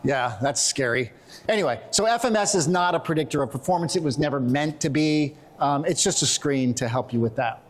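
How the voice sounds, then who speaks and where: Quick, joking male conference speaker. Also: on the high side. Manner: animated, quick, joking storyteller. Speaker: conference presenter. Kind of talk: conference talk. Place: conference hall.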